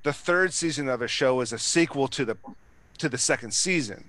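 A man's voice: mid-range voice, fairly quick, fairly bright tone, no room sound. A man in casual chat, rambling and swearing, with many restarts and fillers.

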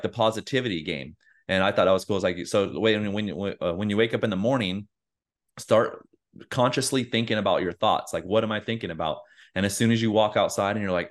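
A man with a very low voice talks loosely through a casual podcast chat. He rambles and leans on fillers as he thinks out loud. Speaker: podcast co-host.

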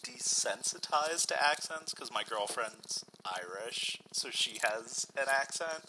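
A man co-hosting a casual movie chat, animated and swinging between loud and soft. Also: mid-range voice, takes it slowly, a little hiss or hum, low-quality recording.

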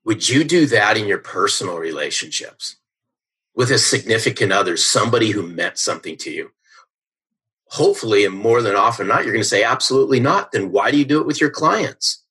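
A middle-aged sales coach tells stories as a podcast guest, full of energy and emphasis and often checking "right?". His fairly low voice is expressive, brisk, bright, forceful, and husky. The recording sounds rough.

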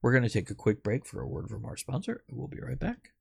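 A man's voice: mid-range voice, very animated, fast, vocal fry, a little hiss or hum. A man hosting a podcast in casual, rambling chat who swears now and then. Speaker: podcast host.

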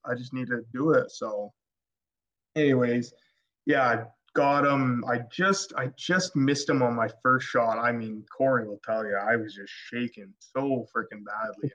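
A man from Alberta, Canada, a podcast guest telling a story in casual chat, excitable and rambling with many restarts. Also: mid-range voice. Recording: dull lo-fi podcast audio.

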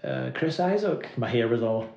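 A man with a Scottish accent and a creaky, gravelly voice tells long, meandering stories as a guest musician, laughing along the way. His speech is loose and chatty, packed with "like". The recording sounds roomy and a little dull. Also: medium pitch, expressive. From Scotland. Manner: rambling anecdotes full of "like" fillers, quick to laugh. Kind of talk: casual storytelling interview.

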